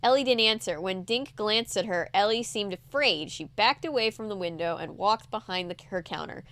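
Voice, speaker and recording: A woman's voice: mid-range voice, normal speed, a bit bright. A woman host reading a children's mystery aloud in a casual, chatty way, breaking off for jokes and playful voices. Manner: chatty, laughs often, yawning, playful character voices. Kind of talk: casual read-aloud with joking asides.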